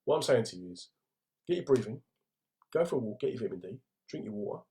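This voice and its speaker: A man's voice: mid-range voice, big pitch swings, fast, mellow. Man, middle-aged, London accent, comedian hosting a livestream, laddish, jokey, chatty. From England. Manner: laddish, jokey, chatty, reads out viewer comments. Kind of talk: casual livestream chat.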